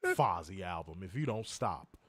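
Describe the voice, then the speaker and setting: A man co-hosting a wrestling review, his voice worn and hoarse, ribbing his co-host with profane mock threats. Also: low-pitched, sing-song, normal speed, fairly bright tone, no echo, studio quality. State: losing his voice. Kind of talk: casual podcast banter.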